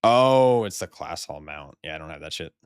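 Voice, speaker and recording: A man's voice: extremely low pitch, level tone, fast talker, clear, resonant tone, no room sound, studio quality. A man streaming a video game in casual chat, swearing, laughing often and stammering when surprised.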